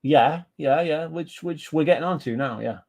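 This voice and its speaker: A man's voice: on the high side, moderate pace, creaky, a little mellow. A British man giving casual reaction commentary on gaming news, ranting and swearing, repeating himself and answering live chat.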